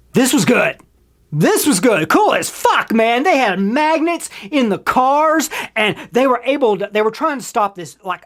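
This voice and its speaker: A woman hosting a podcast, giving a casual, profane film review, emphatic and repeating her lines for effect. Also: mid-range voice.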